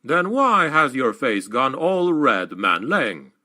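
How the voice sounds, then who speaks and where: A man voicing a gruff, boisterous male dwarf warrior in an audiobook, teasing and mocking. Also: medium pitch, very animated, slow pace, sharp tone, full character voice.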